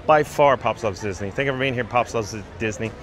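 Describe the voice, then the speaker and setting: A man's voice: medium pitch, fairly quick, fairly bright tone, soft background music. A man hosting a live-streamed walking tour outdoors in a theme park, chatting and reading viewer comments aloud, recorded on a handheld mic while walking.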